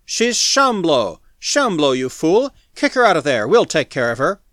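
Guy doing an angry ex-patrolman yelling at a gunman, loud and high, dry close sound. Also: fairly quick, clean tone, no room sound, lightly acted. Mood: furious. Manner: shouting, furious, demanding. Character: angry male ex-patrolman leading a mob.

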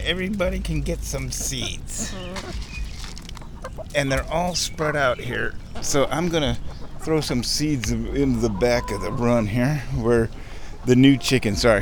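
A man's voice: mid-range voice, background noise. A man chatting casually in a vlog while feeding his backyard chickens outdoors. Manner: rambling, chatty, talks baby-talk to chickens. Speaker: vlogger. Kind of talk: casual walk-and-talk vlog.

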